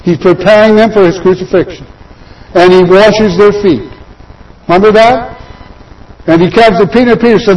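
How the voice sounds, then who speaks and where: A man's voice: sits high, normal speed, long pauses, darkish tone. A man preaching a sermon who keeps asking the listeners rhetorical questions. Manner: asks the audience many rhetorical questions. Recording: voice picked up from far off.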